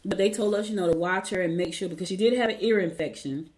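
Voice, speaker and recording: An older woman talks casually to her viewers, animated and chatty, calling them y'all. Her voice sits a little low for a woman. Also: fast talker. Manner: animated storytelling, chatty, addresses audience as y'all. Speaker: morning show host.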